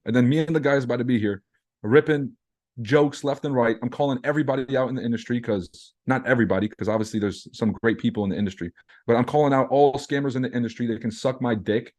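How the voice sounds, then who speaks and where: A man's voice: mid-range voice, fast talker, a little mellow. Brash, profane male trading streamer. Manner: reacts to chat messages. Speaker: trading livestream host. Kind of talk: casual livestream chat.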